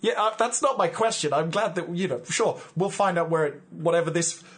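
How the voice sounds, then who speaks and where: A man's voice: fairly high pitch, fairly quick, a bit bright, husky, pitched above the performer's own voice. A man voicing a brash male monster hunter who sounds exasperated and incredulous. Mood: baffled.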